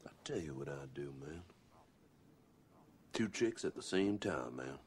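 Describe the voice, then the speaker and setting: Film clip: a deep, husky slacker guy, crude and unbothered, pitch swinging lively. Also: brisk, heavily acted. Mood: laid-back.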